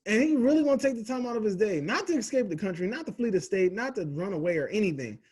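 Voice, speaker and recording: A man's voice: high voice, animated, fast, a little mellow, slightly rough. A young man giving a casual, profane, rambling film review full of slang.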